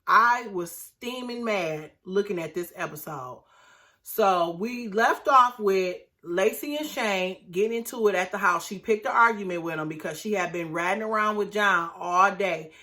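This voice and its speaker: A woman recapping a reality TV episode in casual commentary, animated and outraged, talking straight to her viewers. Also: medium pitch.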